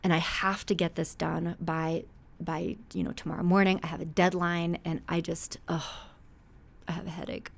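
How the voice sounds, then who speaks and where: A woman voicing a stressed, snappy husband who speaks in frustrated, halting bursts. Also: lowish voice, level tone, creaky. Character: stressed, snappy husband at the end of a long workday.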